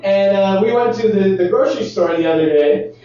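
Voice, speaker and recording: A man's voice: high voice, a little fast, mellow. A man hosting a show, chatting casually and telling wry, playful stories. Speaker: podcast host. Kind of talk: casual comedic chat. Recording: roomy, distant, dull live mic.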